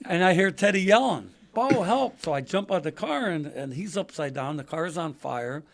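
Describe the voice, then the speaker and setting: An older man, a podcast guest telling racing stories in a casual, animated way, acting out quotes in a raised voice. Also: a little high, a little fast, vocal fry. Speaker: podcast guest, retired race car driver. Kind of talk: casual storytelling interview.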